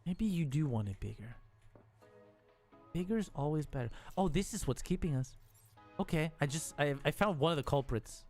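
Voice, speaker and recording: A man's voice: fairly high pitch, animated, normal speed, pauses often, darkish tone, soft background music. A man streaming a game, talking casually to himself and the game, frustrated and joking as he builds. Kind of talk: casual gameplay commentary.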